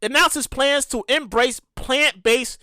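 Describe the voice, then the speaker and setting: Woman podcast host, high lively voice, bright tone, dry close sound, casual profane chatter. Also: takes it slowly, no echo. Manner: animated, profane, repeats herself and acts out quotes. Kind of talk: casual solo podcast commentary.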